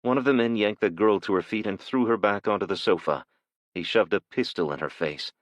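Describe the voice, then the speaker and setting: Man, audiobook narrator, very low voice, dry close sound, measured and steady. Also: dry recording, lo-fi sound.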